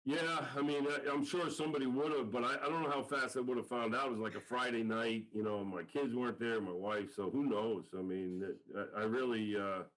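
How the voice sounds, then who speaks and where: A man's voice: medium pitch, steady tone, fairly quick, hardly any pauses, fairly bright tone, rough recording. A middle-aged man, a football coach, telling a story in a casual podcast interview and acting out the quoted lines. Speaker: guest, college football line coach.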